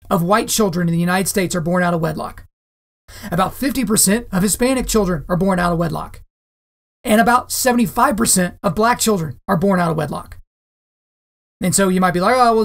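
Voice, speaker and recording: A man hosting a solo podcast monologue, talking to his listeners in an emphatic way and repeating phrases for stress. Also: high voice. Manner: direct, addresses listeners as guys. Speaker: podcast host.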